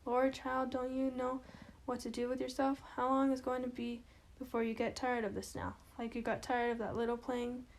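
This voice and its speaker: A woman voicing Mama, a wistful, grieving older widow and matriarch, in an amateur play reading, talking slowly in homely, folksy phrasing. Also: a little high, little pitch movement, gravelly, a little hiss or hum. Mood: scolding.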